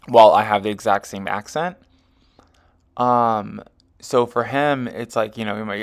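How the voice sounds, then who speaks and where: Gravelly man rambling through an astrology reading. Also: lowish voice, fairly even intonation, fairly quick. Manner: rambling, heavy with fillers like um and you know; chatty, with self-corrections. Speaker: astrology and tarot reader. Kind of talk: casual chart-reading monologue.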